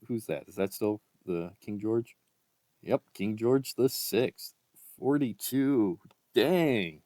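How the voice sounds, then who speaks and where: A man vlogging a coin roll hunt, reading out dates one by one in a casual murmur and breaking into excited exclamations. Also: on the low side, no room sound. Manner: reads dates aloud one by one, often quietly, with excited exclamations. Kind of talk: casual commentary while sorting coins.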